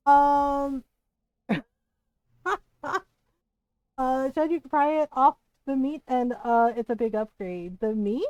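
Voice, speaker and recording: A woman's voice: high voice, takes it slowly, pauses often, darkish tone, dry recording, low-quality recording. A woman streamer chatting casually while she plays, rambling and giggling, with lots of "like" and "right?". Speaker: game streamer. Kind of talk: casual gameplay commentary.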